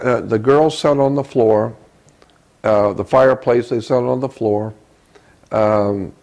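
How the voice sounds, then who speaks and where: An older man tells a story from his own past, his voice rough and gravelly. The tone is dark and mellow, and he stumbles and repeats words as he searches for what to say. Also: mid-range voice. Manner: halting, repeats words mid-sentence. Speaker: researcher telling a personal story. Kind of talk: first-person storytelling.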